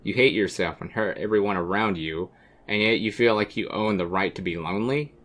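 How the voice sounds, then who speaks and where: A man's voice: fairly low pitch, a little fast, fairly bright tone. A man voicing a cruel, contemptuous young woman on a blind date, reading game dialogue aloud in a cold, relentless way. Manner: cold, cutting, relentless insults.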